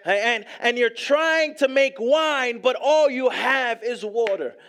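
High-voiced, slow-preaching man. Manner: emphatic, repetitive, rising to shouts. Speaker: pastor. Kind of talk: sermon.

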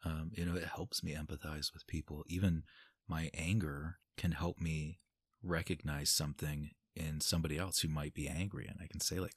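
A man with a very low, husky voice talks openly in a relaxed podcast chat. He swears freely and breaks into laughter often. The sound is dry and close. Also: moderate pace, no room sound. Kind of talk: casual podcast conversation.

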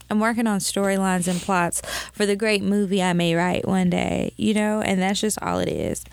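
A woman's voice: mid-range voice, no room sound. A young woman co-hosting a podcast, chatting frankly and playfully. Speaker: podcast co-host. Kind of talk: casual chat.

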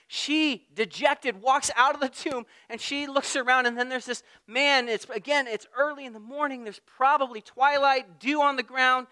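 Bright, high-voiced man preaching a sermon. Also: steady tone, normal speed, hardly any pauses, smooth. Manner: conversational preaching, swinging from loud to hushed. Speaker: pastor.

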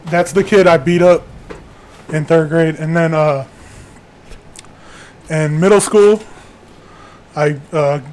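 A man's voice: on the high side, steady tone, takes it slowly, long pauses, a little mellow. Blunt, swearing young man. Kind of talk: casual chat.

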